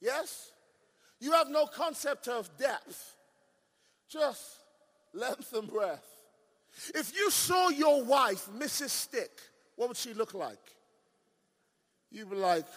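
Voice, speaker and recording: A man preaching with a very high, ringing voice that cuts through the space. He jumps from shouted declarations to hushed, stretched-out asides and keeps firing questions at the audience. A long hall reverb trails every phrase. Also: very animated. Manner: swings from shouted declarations to low, drawn-out asides; asks the audience questions and leans on repetition. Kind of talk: sermon.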